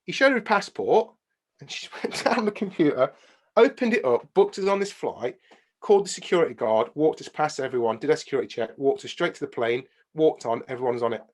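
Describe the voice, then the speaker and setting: A man, a podcast guest, telling animated travel anecdotes in casual chat. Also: fairly high pitch, brisk. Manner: animated anecdotes, hums tunes.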